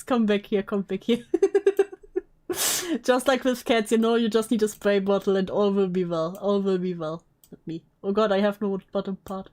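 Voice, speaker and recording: A woman's voice: mid-range voice, darkish tone. A woman livestreaming a reaction to a video, chatting casually, laughing often and thanking viewers. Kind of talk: casual live reaction chat.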